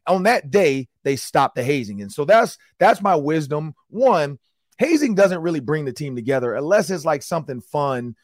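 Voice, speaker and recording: A man hosting a sports talk show, telling a story in casual podcast style, animated and slangy. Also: medium pitch, moderate pace, no room sound, studio quality. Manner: animated, acts out quotes in slangy banter.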